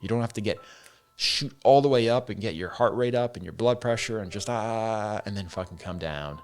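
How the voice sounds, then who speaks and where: A man's voice: fairly low pitch, moderate pace, clear, resonant tone. A man hosting a casual solo podcast and talking candidly, swearing freely and saying "man" and "dude" as he goes. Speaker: podcast host.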